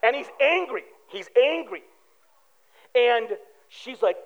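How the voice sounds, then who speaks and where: A man's voice: very high voice, lively intonation, normal speed, narrow, tinny audio, a little hiss or hum. A man, a pastor, giving a conversational sermon full of everyday stories and asides to the congregation. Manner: casual storytelling with asides to the congregation.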